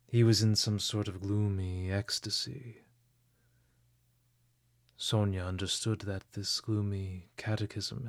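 A male audiobook narrator reads in a measured, somber way. His low voice is gravelly and his pace very slow. The recording is dry and close. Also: no room sound. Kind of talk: scripted narration of a classic novel.

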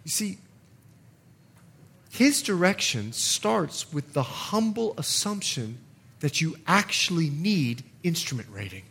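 A man preaching a sermon in an animated way, acting out little asides for the congregation. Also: on the high side, slow pace, gravelly, breathy edge. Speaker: pastor.

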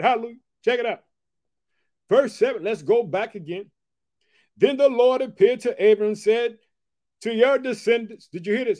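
Fervent high-voiced man teaching the Bible. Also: a little mellow. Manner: fervent and repetitive, often asking listeners if they heard; reads scripture slower and more deliberately. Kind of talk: casual late-night Bible teaching.

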